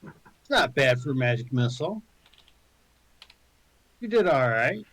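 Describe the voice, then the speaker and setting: A man's voice: medium pitch, big pitch swings, unhurried, a bit bright. A man playing a tabletop game, methodically checking distances and numbers. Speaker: player. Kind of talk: casual tabletop play.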